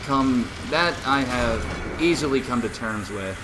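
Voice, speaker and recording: A man's voice: mid-range voice, animated, a little slow, background noise. A man with a Boston accent giving laid-back, self-mocking commentary while playing a video game. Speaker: let's play gamer. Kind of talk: casual gameplay commentary.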